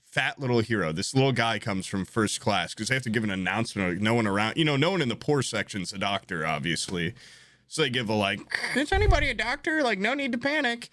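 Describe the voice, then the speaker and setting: Animated young man telling a story. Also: lowish voice, fast, dry recording. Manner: animated, swears often, acts out quoted voices. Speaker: podcast co-host telling a story. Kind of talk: casual comedic storytelling.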